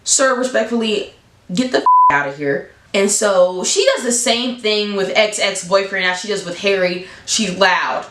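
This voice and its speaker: A woman vlogger telling a story in a casual, blunt, animated way, leaping up in pitch for emphasis. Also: normal speed, echoey room, a little hiss or hum.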